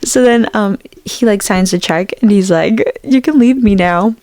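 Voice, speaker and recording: A woman's voice: mid-range voice, moderate pace, a little mellow, no echo. A woman in her twenties co-hosting a podcast, chatting casually and telling a story while acting out the voices of the people in it. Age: 20s. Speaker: podcast co-host. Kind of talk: casual chat.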